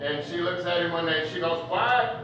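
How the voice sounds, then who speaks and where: A man's voice: a little high, completely flat delivery, quick pace, background noise. A man preacher giving a folksy, joking sermon in a conversational storytelling manner. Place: church hall. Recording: echoey, distant, dull church recording.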